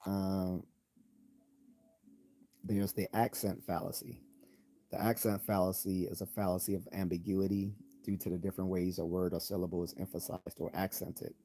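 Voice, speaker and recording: A man hosting a live stream, explaining logical fallacies in a loose, halting way with many ums and restarts, sometimes reading out definitions. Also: sits low, flat delivery, warm tone, a little hiss or hum. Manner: reads out definitions and examples. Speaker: channel host.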